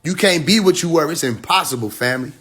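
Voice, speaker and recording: A man's voice: fairly high pitch, animated, fast, a bit bright. A man talking casually to his followers on a livestream, telling stories with slang, acting out quotes, laughing often and speaking straight to his listeners. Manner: slangy storytelling with acted quotes.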